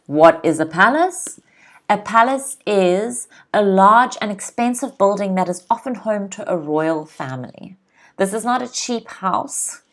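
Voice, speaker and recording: Slow, clear woman teaching English. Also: medium pitch. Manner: slow, clear, repeats words for pronunciation drills. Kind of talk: live-streamed vocabulary lesson.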